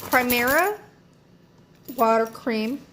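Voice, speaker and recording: A woman's voice: a little high, animated, takes it slowly, background noise. A young woman chatting casually as she unboxes beauty products, rambling with lots of fillers and self-corrections. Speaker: beauty vlogger.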